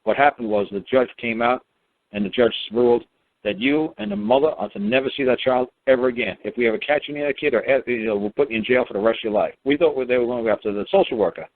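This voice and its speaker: A man's voice: mid-range voice, lively intonation, fast, vocal fry, slight background noise. A man telling a personal story as a caller on a talk show, rambling and profane, with lots of fillers and restarts. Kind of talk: casual spoken storytelling. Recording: tinny phone line.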